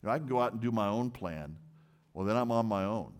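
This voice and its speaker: A man delivers a church sermon in a fairly low voice. He preaches earnestly and emphatically, stressing and repeating key words and sometimes stumbling over the start of a phrase. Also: lively intonation, fast talker. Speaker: pastor.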